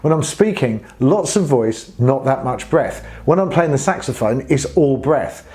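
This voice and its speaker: A man's voice: mid-range voice, expressive, measured pace, dark tone. A man teaching saxophone in a casual spoken tutorial, friendly and earnest, sometimes growling gritty sounds to demonstrate.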